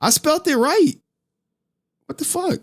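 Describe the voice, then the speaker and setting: Animated, profane male live streamer. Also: very high voice, a little slow. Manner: profane, chatty, exasperated with his chat. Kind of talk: casual live stream commentary.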